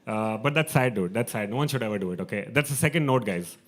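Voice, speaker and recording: A man's voice: fairly low pitch, quick pace. Chatty man hosting an open mic. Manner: chatty, self-mocking, laughs often. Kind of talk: comic storytelling to a live audience.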